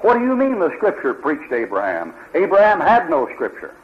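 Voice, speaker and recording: A man preaches a fiery sermon with a fairly high voice that swings widely up and down. He hammers away with repeated rhetorical questions and mimics the people he argues against. The sound comes from a dull, lo-fi archival tape. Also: huge pitch swings, a little fast.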